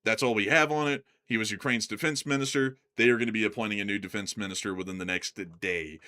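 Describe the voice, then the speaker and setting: Bright-voiced joking male news host. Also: fairly low pitch, steady tone, quick pace. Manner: jokey, loose, stumbles over words. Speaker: host of a war news livestream. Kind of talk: casual news commentary.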